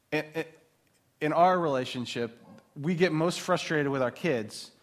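A pastor in his thirties with a slightly high voice preaches a sermon in a conversational, animated style, tossing in casual asides.

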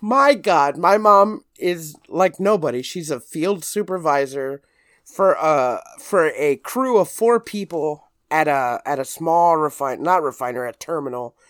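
A podcast guest spinning a long, rambling story, full of "like" and swearing, who slips into quick impressions of others. The voice sits mid-pitch and is recorded dry and close. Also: lively intonation, fairly bright tone, no echo. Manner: rambling, swears freely, fills with "like", mimics others. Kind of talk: casual storytelling.

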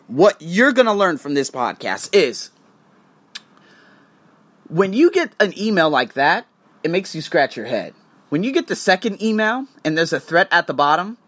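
Fired-up guy cussing through a podcast rant, kinda high voice. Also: a bit bright. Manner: heated, profane, repetitive ranting. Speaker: podcast host.

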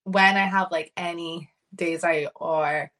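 A woman's voice: lowish voice, fairly even intonation, takes it slowly, fairly bright tone. A woman co-hosting a casual podcast, chiming in supportively with agreement. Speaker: podcast co-host. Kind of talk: casual chat.

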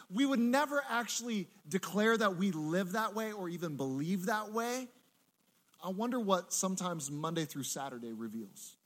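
A man preaching a sermon in a church, animated and acting out the voices he quotes. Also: sits high. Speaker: pastor.

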